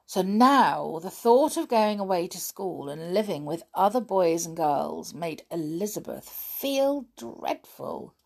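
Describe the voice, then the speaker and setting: A woman reading a children's story aloud in an expressive, lively storybook manner. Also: on the low side, slow pace, creaky, few pauses.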